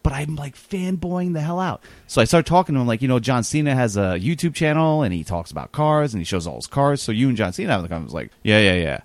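A man spins a rambling, self-deprecating anecdote at a quick clip, voice sitting mid-range. The room is dry and close, with no echo. It sounds like an easygoing podcast chat. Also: medium pitch, sing-song. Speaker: podcast host telling a story. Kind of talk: casual storytelling.

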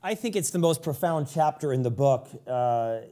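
A man's voice: a little high, animated, normal speed, dark tone. A man hosting a podcast, asking reflective questions with small fillers. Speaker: podcast host. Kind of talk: interview questions.

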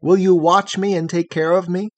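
A man reading aloud and voicing a proud young man who is terrified of the dark, talking indignantly and fretfully in a husky voice. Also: high-pitched, level tone, moderate pace, pitched above the performer's own voice, lightly acted. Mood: pleading.

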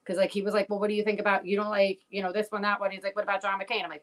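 A woman's voice: mid-range voice, little pitch movement, rapid-fire, few pauses. A woman chatting casually, telling a story with lots of profanity and quoted back-and-forth. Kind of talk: casual chat. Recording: noisy recording with clicks.

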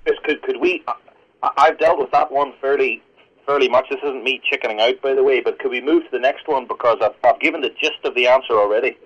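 A man from Northern Ireland, a pastor, speaking as a radio interview guest in a fast, earnest teaching manner. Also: medium pitch. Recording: lo-fi radio broadcast.

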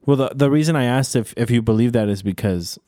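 A man hosting a casual chat, asking relaxed, probing questions. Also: mid-range voice, fast talker, dry recording, clean studio sound.

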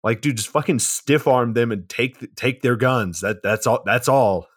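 A man's voice: mid-range voice, normal speed, no echo, studio quality. A man co-hosting a podcast, casually recapping a film plot, swearing freely and laughing mid-sentence. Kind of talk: casual movie recap chat.

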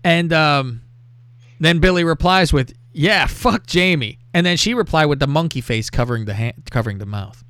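A man hosting a casual show, telling a crude story in a lively, profane way and reading out text messages. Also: on the high side, a little fast, clear, resonant tone, no echo. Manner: animated, profane, reads out texts with laughter. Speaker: podcast host.

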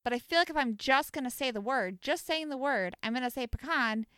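Young female co-host, smooth crisp voice, a touch high, animated and opinionated. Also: fast, dry recording, studio quality. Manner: opinionated, animated food debating. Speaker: podcast co-host. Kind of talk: casual chat.

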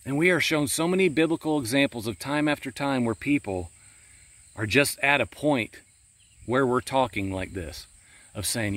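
A Christian podcast host gives a spontaneous, earnest devotional talk outdoors in a pasture, often calling the listener friend in a pastoral tone. His medium-pitched, fairly bright voice moves at a moderate pace with no room sound, crickets and insects audible behind him.

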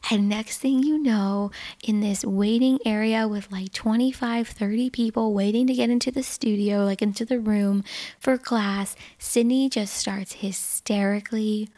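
A woman's voice: mid-range voice, fairly even intonation, measured pace, warm tone. A young woman hosting a podcast, telling a personal story in a casual, earnest way, with lots of "like" and restarts. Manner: chatty, filler-heavy, earnest and emotional. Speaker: podcast host.

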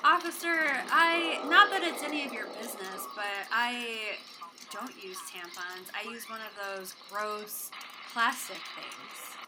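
A woman's voice: a little high, unhurried, background noise. A woman playing a barista in a comedy sketch, polite and awkwardly hesitant.

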